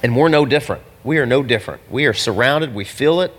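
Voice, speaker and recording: A man preaching a sermon as pastor, talking to his congregation in a casual, animated way with slangy asides. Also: medium pitch, fast, husky, in a large hall. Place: church hall with an audience.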